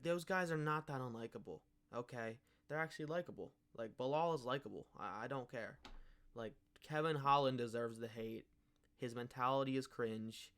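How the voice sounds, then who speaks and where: A man's voice: mid-range voice, fairly bright tone. Slangy young man ranting. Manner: slangy, mocking, swears a lot. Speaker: MMA commentary YouTuber. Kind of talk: casual ranting commentary.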